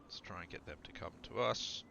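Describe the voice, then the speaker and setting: Low gravelly man narrating gameplay. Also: brisk, slight background noise. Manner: relaxed, rambling, filler-heavy. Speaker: gaming channel host. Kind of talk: gameplay commentary.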